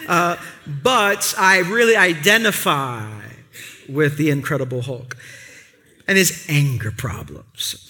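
A pastor from Brooklyn, preaching a sermon in a lively, conversational storytelling way. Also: male voice, fairly high pitch, normal speed. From Brooklyn, New York. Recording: long reverb of a large hall.

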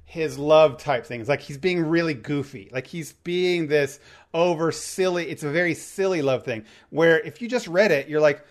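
A man chatting casually on a movie podcast, retelling a scene in a lively, rambling way with many restarts. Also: a little high, moderate pace. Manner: animated storytelling, rambling with restarts.

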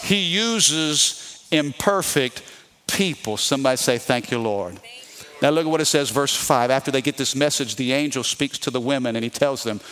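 A man's voice: mid-range voice, normal speed, fairly bright tone. A middle-aged man from Louisiana with a Louisiana Southern accent, preaching a sermon emphatically and calling out to the congregation to answer him. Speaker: pastor.

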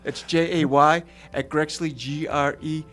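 A man's voice: a little high, steady tone, measured pace, fairly bright tone, soft background music. A man co-hosting a podcast in casual chat, playful and teasing, laughing often. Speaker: podcast co-host.

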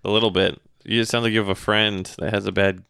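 A man hosting a casual podcast, asking questions in a relaxed way. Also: lowish voice, quick pace, gravelly, clean tone, dry recording, studio quality. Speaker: podcast host. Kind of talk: casual chat.

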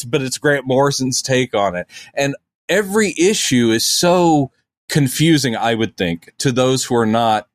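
A man's voice: medium pitch, no room sound. A man co-hosting a podcast, chatting casually about comic books and acting out quotes in silly voices. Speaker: podcast co-host.

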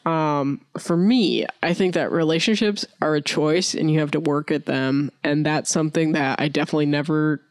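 A woman's voice: sits low, steady tone, moderate pace, few pauses, dry recording, clean studio sound. A young woman co-hosting a casual podcast, chatty and self-mocking, talking through restarts and fillers. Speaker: podcast co-host.

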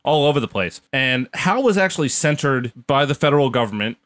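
A man's voice: medium pitch, lively intonation, fairly quick, a bit bright. Blunt, opinionated man in casual chat. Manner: opinionated, blunt, swears freely. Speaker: podcast co-host.

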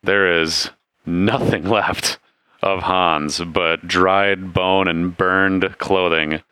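Game master, man, deep and resonant, easygoing storyteller. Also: drawn-out words, clear, resonant tone, no room sound. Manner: relaxed, laughs often, loose storytelling. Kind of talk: narrating a tabletop game.

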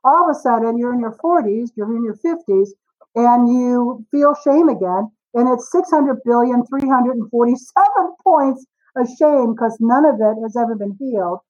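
Animated storytelling woman in her forties. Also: fairly high pitch, moderate pace, muffled recording. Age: 40s. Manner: animated storyteller, acts out dialogue. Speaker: guest author. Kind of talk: podcast interview.

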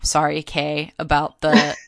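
A woman co-hosts a casual podcast, her speech rambling and full of fillers. Her voice is lowish for a woman, yet bright and crisp, and sounds dry and close to the mic. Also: completely flat delivery, measured pace, no room sound. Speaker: podcast co-host.

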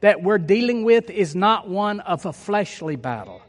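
Man, high-pitched voice, preacher, emphatic sermon, repeats key lines, long hall echo. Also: very animated, unhurried.

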